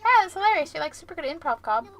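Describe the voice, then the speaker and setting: A vain villager girl from a cosy island game, put on by a woman, who teases in a sing-song chant. Her voice jumps well above the narrator's own, high and bright. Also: sing-song, rapid-fire, full character voice. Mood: teasing.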